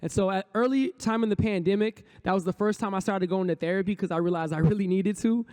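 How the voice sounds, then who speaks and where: In a conference hall, a man who is a poet and rapper gives a motivational talk, his high voice fast and a little mellow. He chants affirmations rhythmically and has the audience answer back in call-and-response.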